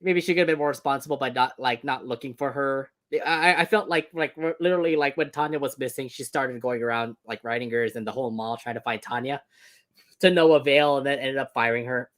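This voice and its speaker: A man's voice: medium pitch, fast, a bit bright. A man co-hosting a casual movie review chat, laughing often and rambling with fillers. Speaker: co-host.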